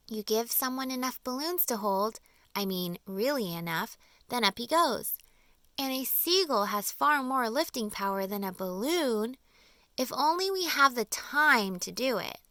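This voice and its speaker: A woman voicing a calm, determined young boy in an audiobook, explaining earnestly and steadily. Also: a little high, dry recording, voice pushed up. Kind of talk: audiobook character voice.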